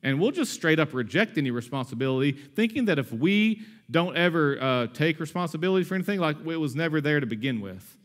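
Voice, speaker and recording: Lively, conversational male preacher. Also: on the high side, fairly quick. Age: 30s. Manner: energetic, conversational preaching with asides and humor. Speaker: pastor. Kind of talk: sermon.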